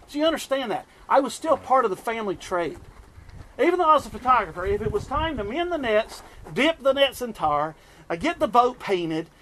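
A middle-aged man from the US East Coast preaching a sermon, telling stories in an animated way and chuckling often. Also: high voice, slight background noise.

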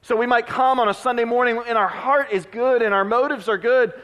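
Pastor, male, high-pitched, earnest conversational sermon delivery, reverberant sanctuary sound. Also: a little fast, a bit bright. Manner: earnest, conversational preaching with restarts. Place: church sanctuary. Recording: long hall reverb.

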